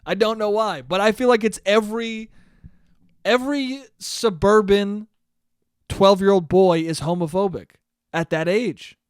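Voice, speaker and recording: A man's voice: high voice, unhurried, smooth, no echo, studio quality. A man in his twenties hosting a casual solo podcast, rambling and self-deprecating, swearing freely. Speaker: podcast host.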